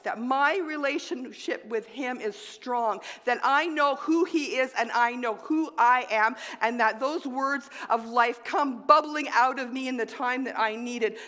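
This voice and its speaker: Woman preaching in a reverberant church. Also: fairly high pitch. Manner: dramatic swings between loud and hushed. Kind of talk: sermon with personal testimony. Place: church sanctuary.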